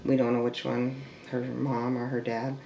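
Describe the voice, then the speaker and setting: A man telling a family oral history in a halting way, full of restarts and trailing fillers, and sometimes dropping to a soft hush. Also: medium pitch, monotone, vocal fry, lo-fi sound. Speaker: family storyteller. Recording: echoey room with faint background noise.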